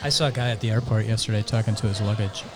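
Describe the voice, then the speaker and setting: A man in a casual chat, telling wry anecdotes in a relaxed way. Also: fairly low pitch, very fast.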